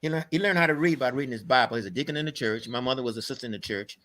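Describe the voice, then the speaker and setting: An older man speaks as an interview guest, his voice bright and forceful in tone. He tells stories earnestly, leaning hard on his points, and his sentences ramble and restart. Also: mid-range voice, rapid-fire. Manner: earnest, emphatic, rambling storyteller. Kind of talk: conversational storytelling.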